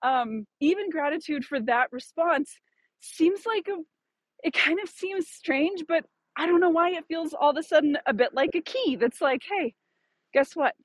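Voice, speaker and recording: A woman's voice: high voice, expressive, normal speed, dry recording. A woman hosting a podcast in casual chat, thoughtful and searching, with plenty of fillers and restarts. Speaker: podcast host.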